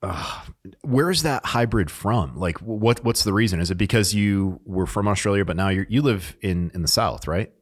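A man's voice: sits low, lively intonation, moderate pace. A man hosting an interview show, chatting casually and rambling a little as he asks questions. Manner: rambling, restarts phrases, friendly. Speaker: podcast host.

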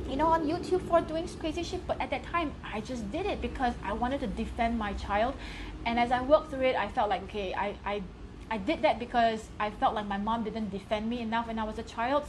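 A middle-aged woman with a slightly high voice hosts a casual motivational livestream. She talks frankly and with animation, punching certain words with bursts of emphasis. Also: noisy background. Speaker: host of a women's group livestream.

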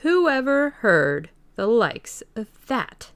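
Excitable villager, high and loud, gravelly, read by a woman. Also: slow, dry recording, heavily acted. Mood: incredulous. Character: gaping village man, excitable and incredulous.

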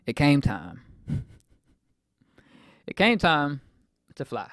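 A man's voice: fairly high pitch, sing-song, extremely slow, long pauses, fairly bright tone, dry recording, clean studio sound. A man of twenty-four hosting a podcast, reflecting at length on a personal faith story in a rambling way, with fillers. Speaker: podcast host.

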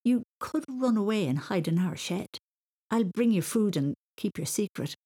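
A woman voicing a bossy, loyal schoolgirl who speaks softly and in a hush. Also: mid-range voice, lively intonation, moderate pace, lightly acted. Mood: shocked.

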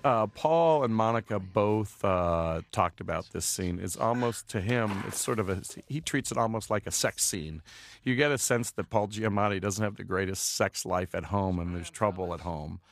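A film director giving a loose, rambling commentary track with lots of filler words. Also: male voice, fairly low pitch, moderate pace.

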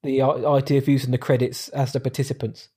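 A man's voice: medium pitch, flat delivery, fast, crowd noise. Jokey rambling man. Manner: jokey, rambling, self-correcting. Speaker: podcast co-host. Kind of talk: casual film review chat.

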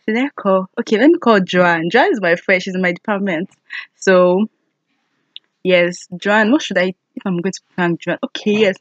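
A young woman, chatting casually to camera as a vlogger, excitable and giggly with loud exclamations. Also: medium pitch, normal speed, no room sound, muffled recording.

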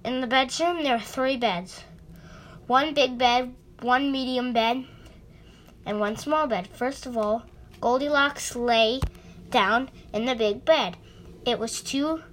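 A woman reads a children's story aloud, speaking gently to young listeners. Her voice sits a little high. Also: a little hiss or hum, low-quality recording. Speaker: storytime reader.

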